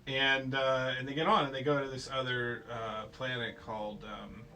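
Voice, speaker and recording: A man's voice: mid-range voice, level tone, normal speed, bright, forceful tone, soft background music, low-quality recording. A man casually retelling a film story to a child at home, playful and rambling, slipping into goofy voices.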